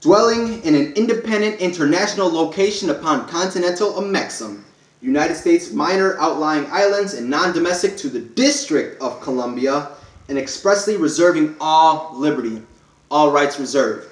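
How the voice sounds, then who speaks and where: A man's voice: on the high side, animated, normal speed, echoey room, poor audio. Emphatic man reading a proclamation. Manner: emphatic, listing clauses one by one with stumbles. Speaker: self-declared speaker reading a public proclamation. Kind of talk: read-aloud declaration to camera.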